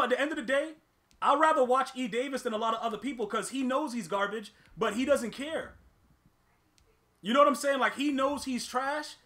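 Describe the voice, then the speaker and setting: A man giving ranting gameplay commentary as a gaming host, excitable and full of slangy trash talk. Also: very high voice.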